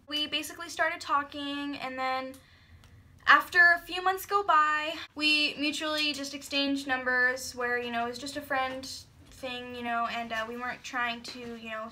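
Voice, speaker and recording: A young woman with a high, bright voice tells the story in a relaxed, chatty way, laughing now and then. It is a casual couple vlog. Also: normal speed, a little hiss or hum. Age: young adult. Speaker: vlogger.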